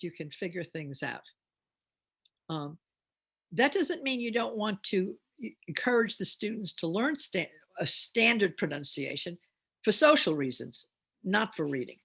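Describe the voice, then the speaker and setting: An older woman, a reading teacher, giving an instructional demonstration and sounding out phonemes slowly and deliberately. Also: mid-range voice, big pitch swings, vocal fry, a bit bright, slightly rough.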